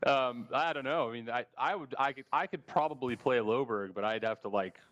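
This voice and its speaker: A man tells stories on a casual podcast, swearing freely and acting out the people in his anecdotes. His voice sits at an ordinary middle pitch. He is relaxed, talkative and full of energy as he tells the tale. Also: a little fast, dull audio. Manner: profane, animated storyteller who acts out quoted people. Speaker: podcast host. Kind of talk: casual storytelling chat.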